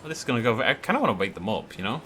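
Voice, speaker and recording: Brief: male let's-player, animated delivery, bright, forward tone. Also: mid-range voice, rapid-fire, slight background noise. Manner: chatty, excitable, swears casually. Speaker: let's play host. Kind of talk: casual gameplay commentary.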